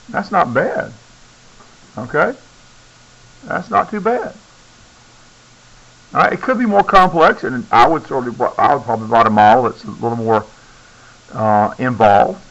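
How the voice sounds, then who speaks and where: A man's voice: medium pitch, lively intonation, measured pace, long pauses, a bit bright, dull audio. A male science teacher lecturing a classroom, keeps checking in with "okay?" and coaxing students to speak up.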